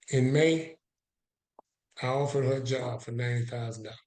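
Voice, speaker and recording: A man with a medium-pitched voice speaks at a moderate pace in an echoey room. As a guest on an interview podcast, he tells a personal story with animation, acting out both sides of the dialogue.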